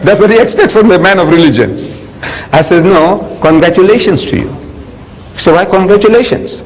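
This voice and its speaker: An older man giving a lecture to an audience, an animated storyteller who acts out scenes and fires rhetorical questions at his listeners. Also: high voice, moderate pace, in a large hall, a little hiss or hum, rough recording. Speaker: public speaker on religion.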